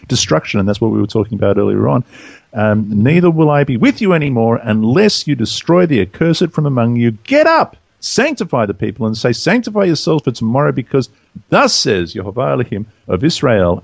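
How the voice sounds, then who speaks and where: A man with a gravelly voice reading Bible verses slowly aloud and asking his co-host questions in casual conversation. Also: medium pitch, no echo. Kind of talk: conversational scripture reading and discussion.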